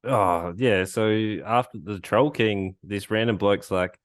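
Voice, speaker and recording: A man's voice: on the low side, takes it slowly, few pauses, no room sound. A man co-hosting a casual movie podcast, laid-back and joking, with slangy phrasing. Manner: laid-back, joking, uses slang like "old mate" and "reckon". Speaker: podcast co-host. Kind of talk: casual chat.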